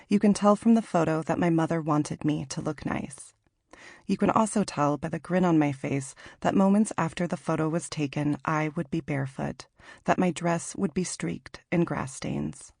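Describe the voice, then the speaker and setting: A woman from Washington narrates her own memoir for an audiobook, unhurried and thoughtful. Her voice sits low and carries a gravelly texture. The recording is dry and close, with no room sound. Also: darkish tone, dry recording. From Washington, Pacific Northwest. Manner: measured, reflective reading.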